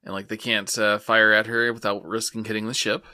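A man summarizing anime plot points in casual chat, calmly and with many fillers. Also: lowish voice, fairly quick, no echo, clean studio sound. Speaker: podcast co-host recapping an anime episode.

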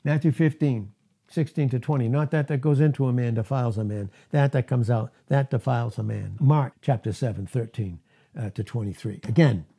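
Husky-voiced preacher, emphatic sermon. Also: male voice, a little fast. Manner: emphatic, rising to high animated bursts.

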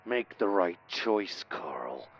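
A man playing a menacing caller who speaks in a slow, threatening whisper. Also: low-pitched, sing-song, muffled recording, a little hiss or hum, full character voice. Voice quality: whispered, gravelly. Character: menacing male stalker caller, cold and patient.

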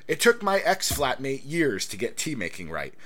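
A man's voice: mid-range voice, wildly swooping pitch, normal speed, fairly bright tone. An American man co-hosting a podcast, joking casually and reading out a listener's email. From United States. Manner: playful, jokey, slips into a mock posh voice. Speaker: podcast co-host.

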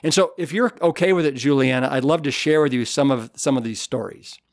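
A man's voice: medium pitch, a little fast, dry recording, clean studio sound. A man, an author being interviewed, telling stories in an earnest, enthusiastic way with many fillers and restarts. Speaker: author and guest. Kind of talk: conversational storytelling interview.

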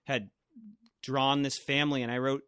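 A man in a casual podcast chat, animated and jokey, with swearing. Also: mid-range voice, moderate pace, clear, resonant tone, no room sound, clean studio sound.

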